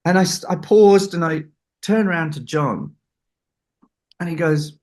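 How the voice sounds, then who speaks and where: A man's voice: fairly high pitch, a little slow, a little mellow. A man, a record producer, telling a story in an interview and acting out the people he quotes. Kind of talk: anecdote in an interview.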